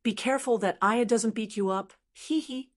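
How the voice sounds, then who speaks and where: A woman's voice: on the high side, normal speed, natural voice. Lady doing a jovial guy teasing his buddies, chuckly. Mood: amused. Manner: laughing, teasing.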